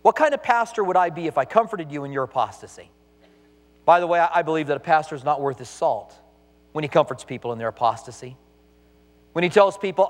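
A man preaching a sermon as a pastor, animated, acting out the voices he quotes. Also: a little high, quick pace, big-room sound.

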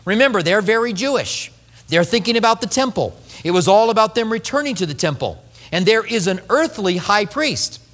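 High, bright-voiced preacher in an echoey hall. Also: male voice, lively intonation, fairly quick. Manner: conversational, joking asides to the congregation. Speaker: pastor. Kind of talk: sermon.

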